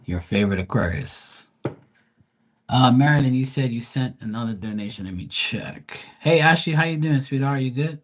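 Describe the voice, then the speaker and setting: A man's voice: mid-range voice, lively intonation, normal speed, low-quality recording. A man with a Bermudian accent, rambling and chatty as he talks casually with viewers on a live tarot stream, swearing now and then.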